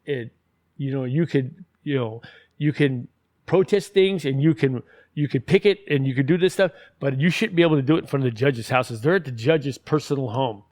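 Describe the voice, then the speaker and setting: A man's voice: medium pitch, moderate pace, darkish tone. A man ranting in casual commentary, heated and profane, rambling with many restarts.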